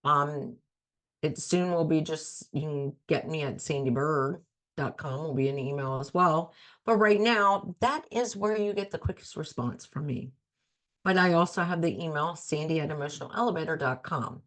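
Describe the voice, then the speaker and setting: A woman coach talks straight to her listeners in a slightly low voice, earnest and conversational. She leans on repeated phrases to drive each point home. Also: normal speed. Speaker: life coach and show host. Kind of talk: solo talk show monologue.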